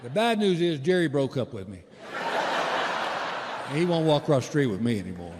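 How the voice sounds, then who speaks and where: A man's voice: mid-range voice, sing-song, normal speed, big-room sound, very noisy. A middle-aged man doing a stand-up routine, telling folksy stories and acting out the voices of the people in them. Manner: folksy storytelling, acts out voices in quotes. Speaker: stand-up comedian.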